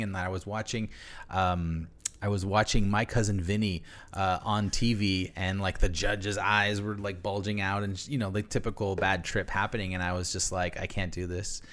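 Male podcast guest, lowish voice, meandering storyteller, lots of restarts. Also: fairly bright tone. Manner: rambling, many restarts and fillers. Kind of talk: casual storytelling.

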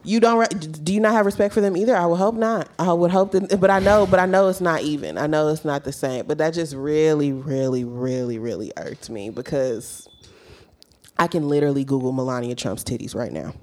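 A woman's voice: fairly low pitch, fast, few pauses, a little mellow. A woman co-hosting a casual podcast, talking bluntly and swearing freely while chewing gum. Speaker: podcast co-host. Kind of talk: casual chat.

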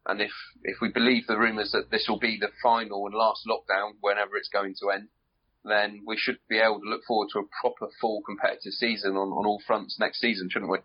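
A man guesting on a football podcast as a club manager, speaking in a measured way with frequent ums. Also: on the low side, level tone, breathy edge. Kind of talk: casual interview. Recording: dull lo-fi sound.

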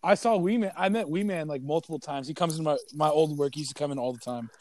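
A young man chatting on a podcast, telling stories in an animated way. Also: fairly high pitch, fast talker. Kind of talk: casual podcast chat.

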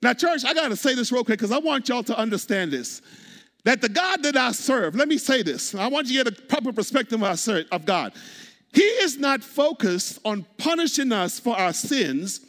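A man preaching a sermon as pastor, repeating words, calling out to the congregation and breaking into sung and shouted phrases. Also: extremely high pitch, very animated, normal speed. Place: church sanctuary. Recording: long hall reverb.

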